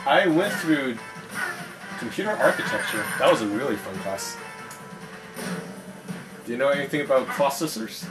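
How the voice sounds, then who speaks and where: A man's voice: mid-range voice, expressive, moderate pace, pauses often, over loud music. A young man in college telling a rambling, profane story while chatting casually over gameplay. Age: young adult. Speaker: gamer and podcast-style co-host.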